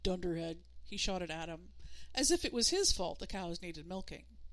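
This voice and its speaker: A woman narrating a novel in a steady, measured storytelling manner. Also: on the low side. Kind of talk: audiobook narration.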